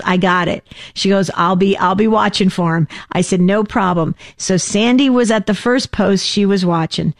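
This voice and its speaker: A woman in her fifties co-hosting a talk show, telling an emotional story with lively voiced quotes. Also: mid-range voice, no echo, clean studio sound. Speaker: co-host.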